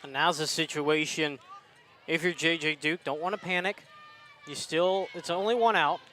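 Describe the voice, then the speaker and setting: A man doing color commentary on a softball game, explaining strategy in a relaxed coaching tone. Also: fairly high pitch, moderate pace, slight background noise. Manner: analytical, coaching tone, laughs easily. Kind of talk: live sports commentary.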